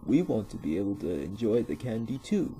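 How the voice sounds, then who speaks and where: A man's voice: on the low side, sing-song, brisk, warm tone, faint music behind. A man voicing a polite male engine with a mild, earnest manner.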